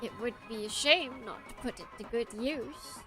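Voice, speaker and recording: A woman voicing a cold, elegant young noblewoman who speaks softly, politely and with quiet menace. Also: a little high, normal speed, music in the background, natural voice, rough recording. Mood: coldly polite.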